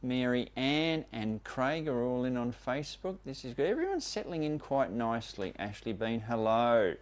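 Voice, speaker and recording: A man's voice: medium pitch, sing-song, normal speed. An Australian man hosting a live stream, chattily welcoming viewers one by one by name. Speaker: host of a live prospecting show.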